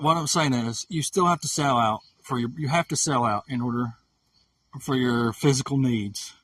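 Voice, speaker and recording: A man delivers a blunt, profane, unscripted rant, circling back to the same points again and again. His voice sits at an ordinary pitch and comes across slightly distant from the microphone. Crickets chirp in the background. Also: a bit bright, no echo. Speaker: streamer. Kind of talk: unscripted ranting monologue.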